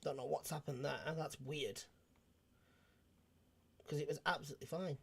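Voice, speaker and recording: A man's voice: a little high, fairly even intonation, moderate pace, creaky, fairly bright tone, slightly rough. A man hosting a casual livestream, rambling and joking between restarts. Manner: rambling, restarts, jokey asides. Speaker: host.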